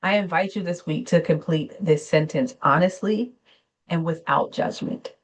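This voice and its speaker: A woman with a lowish voice, a therapist and channel host, gives a gentle wellness talk. She speaks slowly and soothingly, unscripted, making small self-corrections as she goes.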